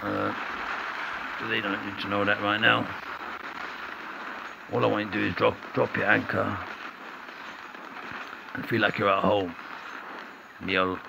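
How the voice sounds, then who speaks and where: Gravelly man rambling over gameplay. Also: on the low side, noisy background. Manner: playful, chatty, wanders off on tangents. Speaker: mobile game streamer.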